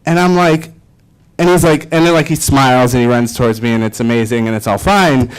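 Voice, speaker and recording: A man in his twenties giving a keynote speech, telling a personal story in a lively way with many fillers and restarts. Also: mid-range voice, a little fast, clean tone, poor audio. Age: 20s. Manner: animated, filler-heavy, self-deprecating. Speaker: keynote speaker.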